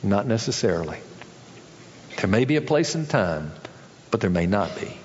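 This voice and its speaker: A man's voice: sing-song, normal speed, a little mellow, long reverb tail, lo-fi sound, a little hiss or hum. A male pastor preaching a sermon, acting out the people in a parable with changes of voice. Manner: acts out characters in a story, shifting pitch for each.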